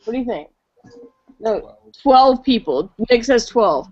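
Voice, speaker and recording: Woman guest, higher than average, casual and profane, lo-fi dry call audio. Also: lively intonation, takes it slowly, dry recording. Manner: chatty, swearing, lots of filler 'like'. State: tipsy. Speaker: guest on a call-in chat show. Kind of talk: casual storytelling.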